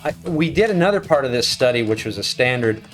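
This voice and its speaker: A man's voice: mid-range voice, lively intonation, quick pace, faint music behind. Frank, wry law professor man. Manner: frank, wry, self-correcting. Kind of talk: casual conversational interview.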